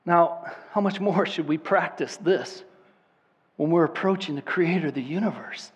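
A man with a high voice preaching a sermon as pastor. He is impassioned and emphatic, repeating words to drive points home. He swings from loud, forceful declarations to hushed, earnest appeals. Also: moderate pace, husky, muffled recording.

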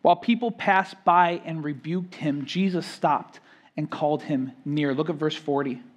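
High-voiced man preaching with swells. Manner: emphatic preaching, rising and louder on key phrases, then dropping soft; repeats and restarts words while building a point. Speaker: pastor. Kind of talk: sermon.

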